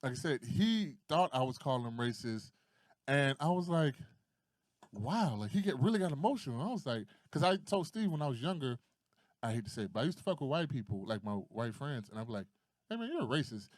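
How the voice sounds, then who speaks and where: A man's voice: mid-range voice, a little fast, no room sound, clean studio sound. A man co-hosting a podcast, in casual chat, telling stories with lots of swearing and acting out the voices of the people he quotes. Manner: animated, profane storytelling that acts out quoted voices. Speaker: podcast co-host.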